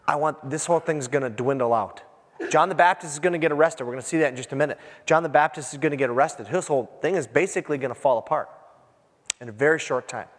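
A man preaching a sermon in a lively, animated way, acting out quotes and breaking into asides. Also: fairly high pitch, quick pace. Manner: animated, acts out quotes, self-interrupting asides. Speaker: pastor. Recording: long reverb of a large hall.

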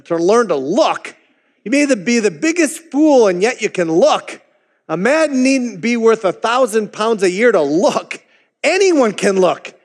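A man's voice: high-pitched, big-room sound, voice pushed up. A man voicing a homespun, fervent male lay preacher who presses his point with earnest repetition.

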